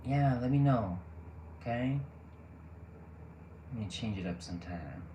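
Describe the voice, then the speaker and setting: A man's voice: mid-range voice, lively intonation, measured pace, dull audio. A man casually chatting with his live stream audience, joking, laughing often and rambling with fillers. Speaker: live streamer reading chat. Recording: roomy echo, faint background noise.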